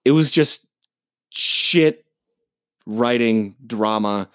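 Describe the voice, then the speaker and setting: A man co-hosting a podcast, ranting in a casual, profane and animated way as he retells a movie plot. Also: medium pitch, drawn-out words, no echo, clean studio sound. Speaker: podcast co-host. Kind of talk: casual chat.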